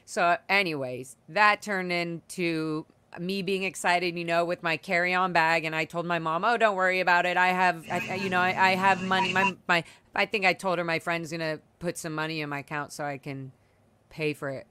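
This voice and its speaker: A young woman hosts a video-call chat, speaking candidly and emotionally with many fillers and restarts. Her voice sits fairly low for a woman. The sound is dry and close, with no room echo. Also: steady tone, normal speed, bright, forceful tone, clear, resonant tone. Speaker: podcast host. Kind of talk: casual chat, personal storytelling.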